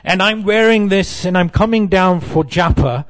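A man's voice: high voice, moderate pace. A middle-aged man giving a devotional class, telling humorous, self-deprecating stories. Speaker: temple speaker.

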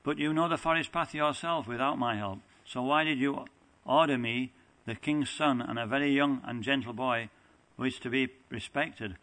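A man's voice: mid-range voice, normal speed, a bit bright, close to an everyday voice, rough recording. A man reading aloud the part of a tender, teasing young divine lover, plainly and earnestly from a scripture text.

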